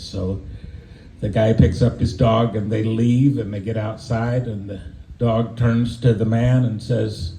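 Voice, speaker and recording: Slow, mellow-voiced man telling a shaggy dog story. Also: lowish voice, fairly even intonation, creaky, roomy sound, a little hiss or hum, rough recording. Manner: halting, rambling storyteller with many fillers. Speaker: porch concert performer. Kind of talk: folksy joke telling and singing. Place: porch, outdoors.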